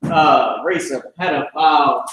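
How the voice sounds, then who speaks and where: A man's voice: fairly high pitch, a little slow, a bit bright, a little hiss or hum. Man teaching in a very echoey room. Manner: slangy, blunt and profane, drifts into asides. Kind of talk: loose classroom lecture. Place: classroom.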